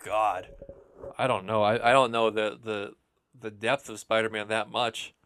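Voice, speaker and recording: A man's voice: lowish voice, level tone, unhurried, fairly bright tone, clear, resonant tone, no echo. A man hosting a podcast, chatting casually and joking as he wraps up the show. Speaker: podcast host.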